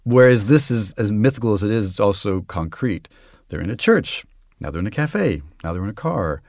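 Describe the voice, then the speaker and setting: A man's voice: lowish voice, big pitch swings, fairly quick, gravelly, a little mellow, dry recording, clean studio sound. A man who is an actor, talking in an interview in a reflective way about how he reads stories aloud. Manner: reflective, explains his craft with spoken examples. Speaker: actor and guest. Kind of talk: conversational interview.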